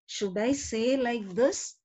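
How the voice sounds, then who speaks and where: A woman's voice: fairly high pitch, slow pace, darkish tone, low-quality recording. A woman teaching literature, patiently explaining a play line by line and often checking with "okay?".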